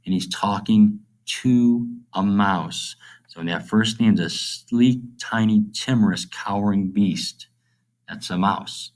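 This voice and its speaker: A middle-aged male teacher with a lowish, darkish voice gives a recorded literature lesson. He reads verse slowly, then explains it in plain, casual terms, often checking in with "okay?".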